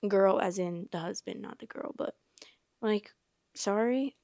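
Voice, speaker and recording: Creaky-voiced young woman, casual storyteller. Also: mid-range voice, a little slow, darkish tone, no room sound, clean studio sound. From Iowa. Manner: chatty, blunt reactions with swearing asides. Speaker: host. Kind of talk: casual reading of online stories with commentary.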